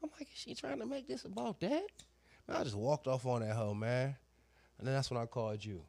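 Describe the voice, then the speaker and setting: A man, a barber, casually telling a crude story with lots of slang and voiced quotes, animated and loud at times. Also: mid-range voice, brisk, creaky, no echo.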